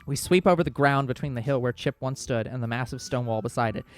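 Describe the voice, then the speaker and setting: A man's voice: mid-range voice, faint music behind. A man hosting a let's play, reading a visual novel's narration aloud with small slips. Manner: quick, steady storybook reading with small slips.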